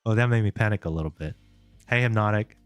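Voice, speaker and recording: A man's voice: fairly low pitch, fast, clean tone, dry recording. A man streaming his indie game development, thinking aloud and chatting with viewers, often chuckling. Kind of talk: live-stream dev chat. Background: soft background music.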